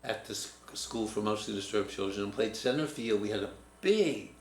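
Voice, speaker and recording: A man in his seventies, a writing teacher, telling a personal story in a reflective, halting way. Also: fairly low pitch. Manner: reflective, halting, restarts mid-word. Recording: roomy echo, faint room noise.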